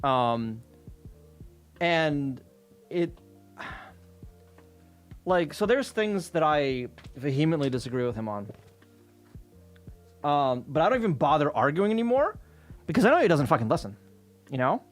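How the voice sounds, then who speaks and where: A man's voice: a little high, very animated, a little slow, long pauses, faint music behind. A man chatting casually on a livestream, telling an exasperated, profane story while he works. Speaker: streamer. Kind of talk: casual chat with chat while working.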